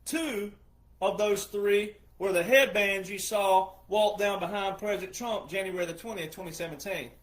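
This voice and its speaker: A man's voice: high-pitched, normal speed. A man who is a retired veteran, giving an emphatic monologue full of repetition and rhetorical questions. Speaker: retired military veteran commentator.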